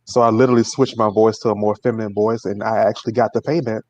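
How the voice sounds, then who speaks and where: A man's voice: fast talker, highs cut off. A man, a guest video reviewer, telling stories animatedly in casual chat. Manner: animated storyteller, jumps high for quotes.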